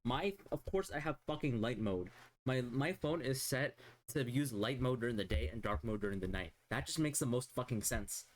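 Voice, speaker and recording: A man's voice: medium pitch, lively intonation, moderate pace. A man streaming a casual chat, rambling and swearing constantly as he rants in exasperation.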